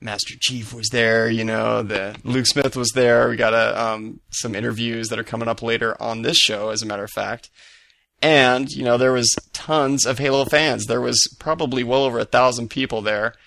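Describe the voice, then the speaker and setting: A man's voice: mid-range voice, fairly even intonation, moderate pace, creaky, a bit bright, no room sound, clean studio sound. A man co-hosting a podcast, telling stories enthusiastically in casual chat with many fillers. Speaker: podcast co-host.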